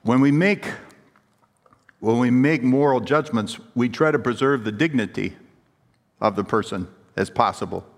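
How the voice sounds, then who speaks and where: A man's voice: medium pitch, normal speed, long pauses. A man preaching a sermon in a church sanctuary, his voice carrying a long reverb through the hall. He speaks emphatically, tells stories and puts rhetorical questions to the congregation. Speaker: pastor.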